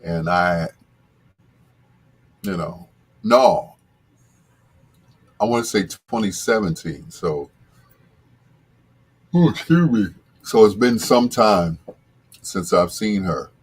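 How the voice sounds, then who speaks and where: A man hosting a radio show, telling a casual story in a rambling way, full of restarts and asides, with his voice jumping up when he gets excited. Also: low-pitched, slow, long pauses, husky.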